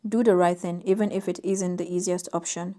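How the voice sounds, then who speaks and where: Female tarot reader, soft-spoken, warm mellow tone, gentle emphasis on card meanings. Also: on the low side, fairly even intonation, fairly quick. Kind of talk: intuitive tarot reading to camera.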